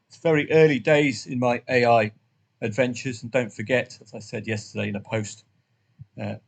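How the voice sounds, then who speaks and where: Guy talking through football results, chatty and rambling, dry jokes, middle pitched voice. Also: vocal fry, husky. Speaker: football trading analyst hosting a video review. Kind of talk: casual spoken match review.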